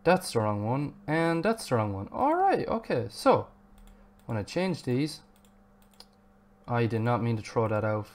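A man streams a video game live, offering chatty, self-mocking commentary and now and then swearing at the game. His medium-pitched voice is expressive and unhurried.

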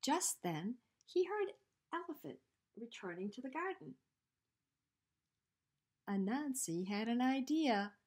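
A woman teacher reading a storybook aloud to children, expressive, with hushed asides. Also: a little high, slow, pauses often, breathy edge.

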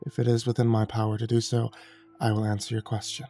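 A man voicing a calm, impassive male angel who speaks in a measured, quiet, controlled way in a horror story reading. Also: fairly low pitch, faint music behind.

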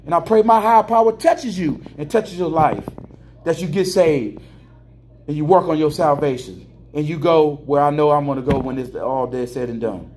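A middle-aged American truck driver venting in an emotional, preachy vlog monologue indoors at a terminal, sliding between low mutters and high emphatic bursts. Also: male voice, normal speed, a little mellow, slight background noise. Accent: American English.

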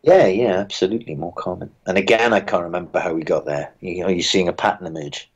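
Low-voiced British man telling wry stories. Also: steady tone, fast, lo-fi sound. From Britain. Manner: dry, wry storytelling with frequent restarts. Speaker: musician guest. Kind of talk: casual interview chat.

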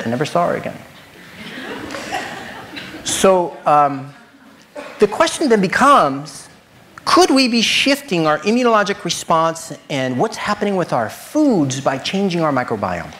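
Guy lecturing on nutrition, super lively pitch, lots of rhetorical questions, faint noise behind. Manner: animated, rhetorical questions, addresses audience directly. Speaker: nutritionist presenter. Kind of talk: lecture presentation.

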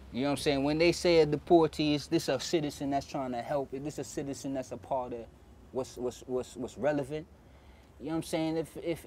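A man's voice: fairly high pitch, a little mellow, a little hiss or hum. A young man with a Jamaican accent, talking casually and loosely in an interview, often repeating "you know what I'm saying". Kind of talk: casual street talk in patois-tinged English.

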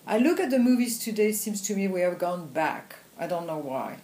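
French-accented woman telling animated stories. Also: on the low side, a little fast, reverberant, rough recording. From France. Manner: animated anecdotes with frequent laughs and "you know". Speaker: film editor and director, guest. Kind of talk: conversational interview storytelling.

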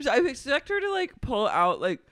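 A podcast co-host trading crude, deadpan jokes in a casual reality show recap. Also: high-pitched, normal speed.

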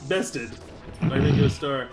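A man's voice: medium pitch, slow, over loud music. A man hosting a let's play, joking and laughing a lot as he talks over his gameplay. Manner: jokey, laughs often, goofs around. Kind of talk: casual gaming commentary.

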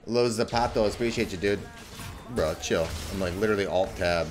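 A man streaming a game, ranting and swearing at other players, swinging from low mutters to shouted outbursts. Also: brisk, soft background music. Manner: tilted, swearing, ranting at teammates and enemies. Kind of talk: live gameplay commentary.

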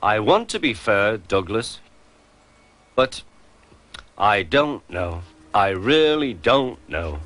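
A stern, pompous railway boss, voiced by a man reading the tale in close to his own voice. He speaks slowly and deliberately, rising and falling as he scolds. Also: on the low side, very animated, a bit bright, full character voice. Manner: stern, measured.

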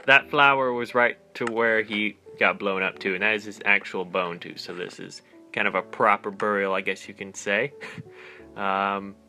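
A man hosting a let's play, talking casually over his game in an animated voice that often breaks into exclamations. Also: fairly low pitch, normal speed, faint music behind. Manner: animated, exclaiming and laughing in dismay. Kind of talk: casual gameplay commentary.

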